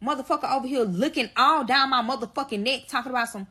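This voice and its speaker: A woman with a husky, breathy edge in her voice tells a wild personal story straight to her viewers. Her tone is bright and sharp, and her pitch sits a little high. She swears freely and piles on dramatic emphasis. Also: fast. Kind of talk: storytime vlog.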